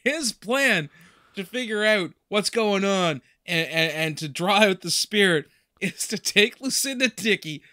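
A man's voice: high-pitched, lively intonation, a little slow, sharp tone, dry recording, studio quality. A man co-hosting a podcast in casual chat, joking and laughing a lot. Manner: jokey, laughs often, fillers and restarts. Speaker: podcast co-host.

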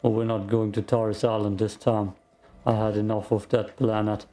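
A man giving calm, slow gameplay commentary, thinking out loud, with a gravelly morning voice. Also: fairly low pitch. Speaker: game streamer.

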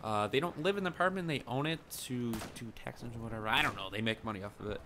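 A man's voice: mid-range voice, fast, background noise. A young man rambling crudely in a casual vlog, joking and mocking himself. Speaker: YouTuber.

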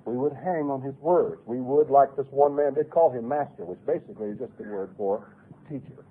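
A man's voice: medium pitch, fairly quick, husky. A man preaching a sermon, earnestly reading scripture aloud with rising and falling emphasis. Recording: lo-fi phone-like radio broadcast.

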